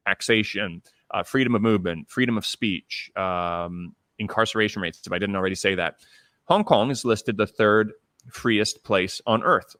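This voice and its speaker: Low-voiced man interviewer, dry sound. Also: fairly bright tone, dry recording. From Canada. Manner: thoughtful, many fillers and restarts. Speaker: interviewer, channel host. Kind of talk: conversational interview.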